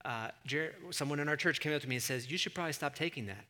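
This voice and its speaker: Forceful bright-voiced preacher, church reverb. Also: male voice, fairly high pitch, fast talker. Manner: animated storyteller, surges to emphatic near-shouts. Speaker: pastor. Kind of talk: sermon. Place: church sanctuary. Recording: long reverb of a church hall.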